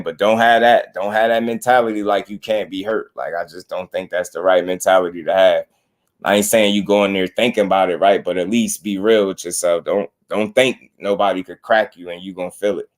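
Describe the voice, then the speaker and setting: A man's voice: low-pitched, steady tone, fairly quick. A man hosting a boxing channel live stream, chatting casually with slangy, laid-back talk and greeting viewers.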